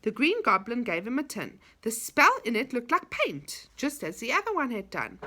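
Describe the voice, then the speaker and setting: A woman reading a children's story aloud in an expressive, animated way. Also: fairly high pitch, moderate pace.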